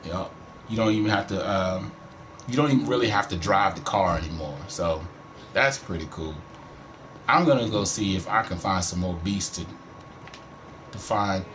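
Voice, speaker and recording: A man's voice: low voice, normal speed, pauses often, fairly bright tone, a little hiss or hum. A middle-aged man from Texas with a country accent, chatting casually and profanely while streaming a game from home. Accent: Texan country. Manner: rambling, profane, laid-back. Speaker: gaming streamer. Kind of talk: casual let's-play commentary.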